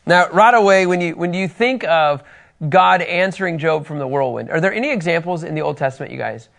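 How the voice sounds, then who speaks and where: His voice a little high and gravelly, a man moves fairly quickly through a Bible lesson for a group. He reads scripture aloud and animatedly asks his listeners questions.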